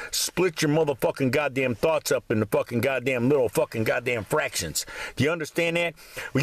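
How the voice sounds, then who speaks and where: A man's voice: on the high side, no echo. A man ranting to his viewers from a cold room at home, swearing constantly and rambling in a heated monologue. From Michigan. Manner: profane, swearing heavily, rambling. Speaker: vlogger.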